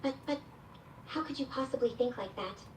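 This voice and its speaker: Woman voicing a fed-up ai chatbot girl, kinda high voice, reads her own stage directions out loud, echoey far-off speaker sound. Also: steady tone, a little fast, a little hiss or hum, close to an everyday voice. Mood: exasperated. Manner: reads aloud her own stage directions before each quoted reply. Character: exasperated female AI chatbot companion. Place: played through a speaker in a room, picked up by a security camera.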